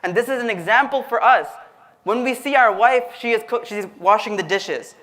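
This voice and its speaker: A man's voice: very high voice, normal speed, bright, forceful tone. A man giving a conversational, storytelling religious lecture, speaking directly to his audience. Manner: conversational, addresses the audience directly, acts out quotes. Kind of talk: storytelling sermon.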